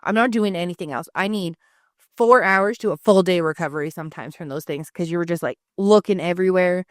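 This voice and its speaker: A woman's voice: on the low side, a little fast, no echo, studio quality. A woman co-hosting a podcast, telling rambling everyday stories in casual chat and swearing freely. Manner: swears often, rambling storytelling. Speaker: podcast co-host.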